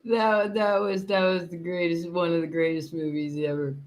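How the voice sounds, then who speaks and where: A woman's voice: lowish voice, level tone, moderate pace. Bawdy, laughing woman livestreamer. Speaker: livestream host. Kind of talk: casual chat with viewers.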